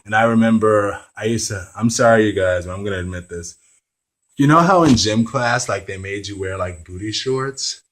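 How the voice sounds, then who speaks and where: Candid, rambling man with a lower voice. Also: normal speed, a bit bright, poor audio. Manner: candid, rambling, self-deprecating, apologetic asides. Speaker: vlogger. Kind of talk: casual vlog monologue.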